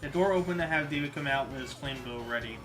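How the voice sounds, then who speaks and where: A man's voice: on the high side, quick pace, low-quality recording. A man narrating a fan audio drama in a plain storytelling way, with small reading slips. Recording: music bed under voice. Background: music.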